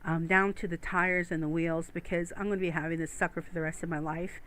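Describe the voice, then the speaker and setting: A woman's voice: fairly low pitch, level tone, fairly quick, fairly bright tone. A woman streaming a fishing game, chatting casually and rambling to her viewers from home. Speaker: gaming streamer. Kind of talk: casual gameplay commentary. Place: home room.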